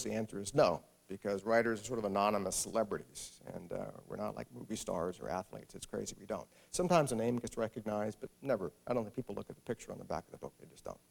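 A man's voice: lowish voice, fast talker, creaky, darkish tone, husky. A middle-aged man, an author, gives a humorous public talk and tells a wry, self-deprecating story. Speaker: author speaking at an event.

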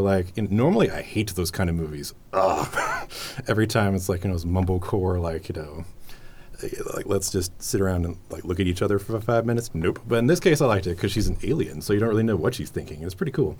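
A man with a very low voice chats casually, rambling and eager, heavy on fillers. A faint hum of the room sits behind him. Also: darkish tone. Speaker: library podcast host. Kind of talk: casual chat.

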